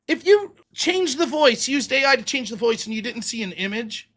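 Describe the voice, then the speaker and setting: A man's voice: very high voice, lively intonation, normal speed, creaky, few pauses, fairly bright tone. A man hosting a commentary show, reacting with exasperated, incredulous, profane remarks.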